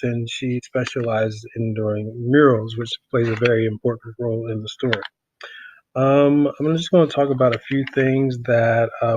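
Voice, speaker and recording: A man teaching a class through a podcast, talking casually with many pauses and fillers. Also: mid-range voice, no echo, dull audio. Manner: relaxed, many ums and uhs.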